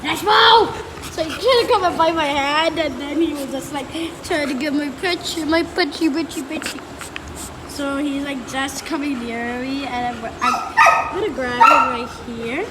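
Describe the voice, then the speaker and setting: A woman's voice: high voice, normal speed. A woman in a casual home vlog, chatting as she narrates playing with her pets outdoors. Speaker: pet vlogger. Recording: loud background noise outdoors.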